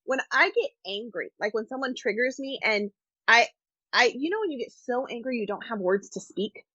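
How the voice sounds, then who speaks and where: This is a woman hosting a podcast who speaks candidly and laughs easily. Her voice sits somewhat high. The audio is dull and lo-fi with a dry, deadened sound. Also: animated, moderate pace, pushed and bright, dry recording. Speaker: podcast host. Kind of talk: podcast conversation.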